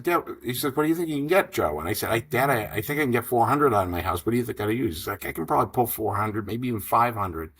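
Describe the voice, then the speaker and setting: A man in his fifties telling a long business story in an interview, animated and rambling, acting out the dialogue. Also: medium pitch, slightly rough. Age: 50s. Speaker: franchise investor guest.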